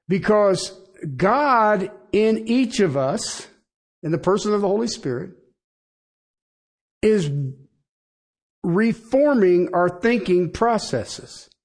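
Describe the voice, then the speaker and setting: A middle-aged pastor preaches in an unhurried, conversational way. His voice sits fairly high for a man, and he often stops to put rhetorical questions to his listeners. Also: expressive. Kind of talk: sermon.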